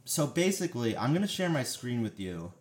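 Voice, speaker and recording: A man's voice: medium pitch, big pitch swings, a little fast. A man hosting a podcast, chatting casually and telling a story with energy. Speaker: podcast host. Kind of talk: casual chat.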